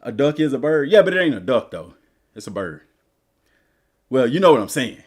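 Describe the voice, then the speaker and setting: A man's voice: mid-range voice, very animated, moderate pace. A male gaming streamer chatting casually and rambling through stories while he plays. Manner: rambling, loose storytelling. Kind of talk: casual live-stream chat.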